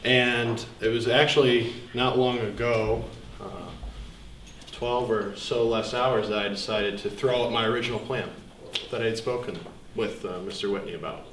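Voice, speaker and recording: A young man giving an earnest, reflective seminar speech with pauses. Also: medium pitch, steady tone, fairly bright tone. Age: young adult. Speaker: student speaker. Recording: echoey room, distant mic, faint hiss.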